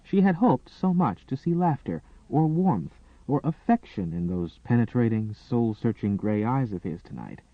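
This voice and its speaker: A man narrating a romance audiobook in a dramatic, expressive reading style. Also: medium pitch, moderate pace, hardly any pauses, dry recording. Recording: dry, tinny phone-like sound.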